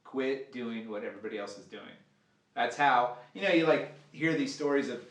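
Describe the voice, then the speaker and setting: A man's voice: medium pitch, animated, moderate pace. A man giving a casual, profane live fly-tying demo, rambling and joking as he works. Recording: roomy sound, mic at a distance.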